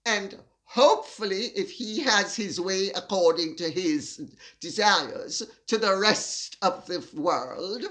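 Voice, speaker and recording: Slow, emphatic older woman commentator. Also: medium pitch, fairly bright tone. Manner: indignant, emphatic, deliberate with drawn-out stresses. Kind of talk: opinion monologue to camera.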